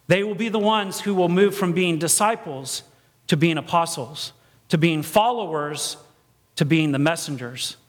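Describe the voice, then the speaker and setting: A man preaching a storytelling sermon in a church, animated and acting out bits of dialogue in different voices. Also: a little high. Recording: long echoey church reverb.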